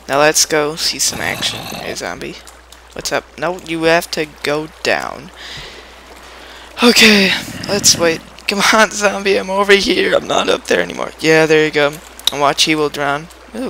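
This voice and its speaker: A man's voice: on the high side, vocal fry, bright, forceful tone, slight background noise, rough recording. A young man giving a casual, rambling gameplay tutorial, playful and chatty, humming little sound effects as he builds.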